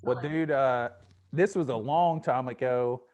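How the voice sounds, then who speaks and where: A man hosting a podcast, telling stories in a relaxed way and swearing often in casual chat. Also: medium pitch, measured pace, lo-fi sound. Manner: laid-back storytelling with frequent swearing. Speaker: podcast host.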